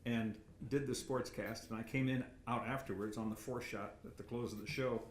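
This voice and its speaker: An older man speaks into a podium microphone in a banquet hall, telling rambling, self-deprecating stories and chuckling at them. His voice sits at an ordinary middle pitch. The hall adds a clear echo and a faint murmur of room noise. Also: steady tone, moderate pace. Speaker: retired sportscaster giving an acceptance speech. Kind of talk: after-dinner acceptance speech.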